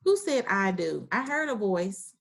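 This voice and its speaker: A woman's voice: medium pitch, sing-song, creaky. A woman teacher running an online class over a video call, encouraging students and praising their answers often. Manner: reads sentences aloud slowly.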